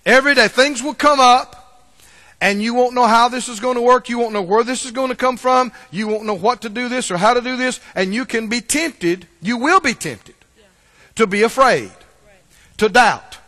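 A man's voice: very high-pitched, normal speed, bright, forceful tone. A man preaching a sermon to a church congregation, emphatic and repetitive, drawing call-and-response from the room. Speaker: pastor. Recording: long hall reverb.

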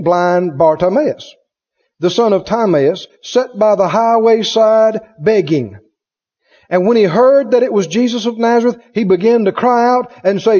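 A man delivers a folksy sermon, his high voice swooping up and down as he acts out the people in his stories. His tone is husky and mellow. The recording is dull and lo-fi, with the long reverb of a church sanctuary. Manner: folksy storytelling with laughs and quoted voices. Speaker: pastor. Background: congregation answering amen.

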